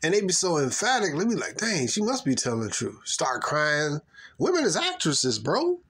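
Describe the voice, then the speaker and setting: A man's voice: fairly high pitch, wildly swooping pitch, normal speed, a bit bright, slightly rough. A man giving his opinions in a rambling, emphatic casual monologue, full of slang. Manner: rambling, emphatic, slangy, mocking put-on voices.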